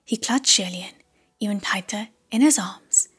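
A woman reading an audiobook in a hushed, measured whisper. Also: medium pitch, breathy edge, soft background music. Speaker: audiobook narrator.

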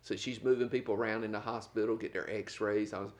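A middle-aged man from North Carolina, an animated storyteller laughing through a casual podcast chat as co-host. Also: on the low side, quick pace.

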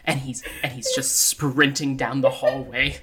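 A woman's voice: extremely low pitch, measured pace, breathy edge. A woman casually retelling a film scene with lots of energy, acting out lines and laughing along. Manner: animated storytelling with acted-out quotes and frequent laughter.

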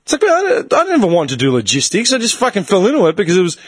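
A man's voice: high-pitched, wildly swooping pitch, racing, breathy edge, no echo. An Australian man in his thirties, co-hosting a podcast, telling long rambling stories and swearing freely. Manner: swears a lot, rambling storyteller. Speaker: podcast co-host. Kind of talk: casual chat.

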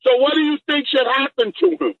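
A man's voice: very high voice, steady tone, a little fast, creaky, dry recording. A male caller on the phone pressing his point persistently, stammering and restarting as he is interrupted. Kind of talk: call-in argument. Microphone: phone line. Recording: dull phone-line audio.

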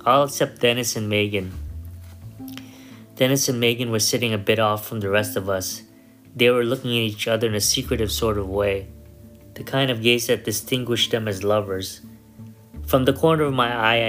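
A man reads a first-person story in a calm, measured voice. His voice sits on the low side, and faint guitar plays quietly underneath. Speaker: narrator. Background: soft guitar music.

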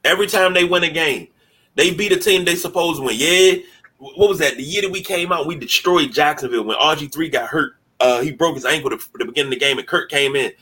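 Animated, bright-voiced sports podcast man. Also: a little high, fast, breathy edge. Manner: animated, mocking, repeats words when starting. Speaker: podcast host. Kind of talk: casual sports talk.

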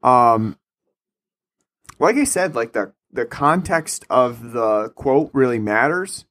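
A man in casual film chat, speaking in a measured, thoughtful way with frequent "um" and "like". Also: medium pitch, expressive, fairly bright tone. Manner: measured, thoughtful, many fillers. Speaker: podcast co-host.

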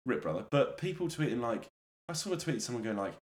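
Young London lad, podcast co-host, swears and laughs a lot, animated delivery, echoey room. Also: male voice, mid-range voice, quick pace. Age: young adult. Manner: laughing, sweary, mock-solemn asides. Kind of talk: casual banter.

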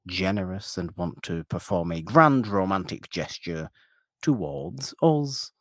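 A man's voice: sits low, moderate pace, a bit bright, no room sound, clean studio sound. A man co-hosting a podcast in casual chat, playful and rambling, mocking himself. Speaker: podcast co-host.

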